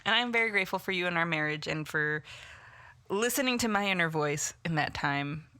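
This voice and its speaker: A woman co-hosting a podcast in casual chat, chatty and quick to laugh, with many fillers. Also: lowish voice, expressive, bright, forceful tone, dry recording. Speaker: podcast co-host.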